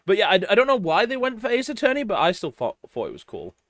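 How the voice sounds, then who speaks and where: A man's voice: sits high, huge pitch swings, quick pace, fairly bright tone, dry recording, clean studio sound. A man streaming a video game, chatting casually and rambling with trailing sentences and swearing. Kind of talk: casual let's-play chat. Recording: game music behind.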